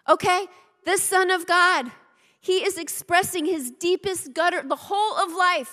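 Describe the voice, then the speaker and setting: A woman's voice: extremely high pitch, a little slow, sharp tone. A woman pastor preaching a sermon, emphatic, repeating key phrases and speaking straight to her congregation. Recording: long reverb of a large hall.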